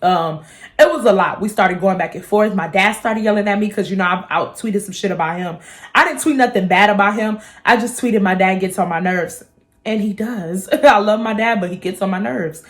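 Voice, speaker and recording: A woman in her twenties, a vlogger telling a personal story in a chatty, animated way, swearing freely. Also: mid-range voice, brisk. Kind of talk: casual storytime vlog.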